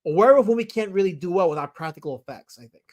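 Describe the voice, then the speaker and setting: A man's voice: high voice, lively intonation, very fast, a little mellow. A man hosting a casual live stream, reading viewer comments and rambling enthusiastically with fillers and self-corrections. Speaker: streamer host.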